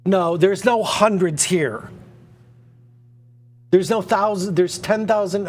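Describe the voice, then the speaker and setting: Excitable rambling man hosting an auction. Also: high-pitched, takes it slowly, pauses often. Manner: rambling, excitable, goes off on tangents. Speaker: auction host. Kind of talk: live-stream auction patter.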